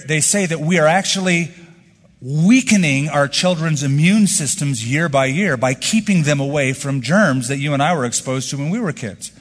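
A man's voice: a little high, long reverb tail. A man preaching a sermon with emphatic delivery and rhetorical questions. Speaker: pastor.

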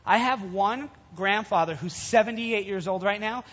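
A man preaching to young people, retelling a Bible story in a casual, animated way. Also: high voice, normal speed. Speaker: youth preacher. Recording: dull sound with long hall reverb.

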